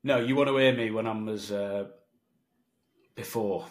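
A confident man coaches on sales in a relaxed podcast chat and explains his points with playful examples. His voice sits a little low. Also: normal speed. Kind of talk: conversational teaching.

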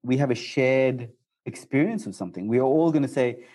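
A man answering interview questions about communication in a conversational way, jumping up in pitch for quoted asides. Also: expressive, fairly quick, mellow. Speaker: guest speaker on communication.

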